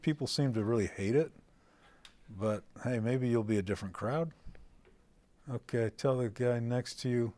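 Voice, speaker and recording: At a moderate pace and medium pitch, this middle-aged man coaches preachers in a playful live talk. He keeps questioning the audience, his delivery swinging from loud to soft.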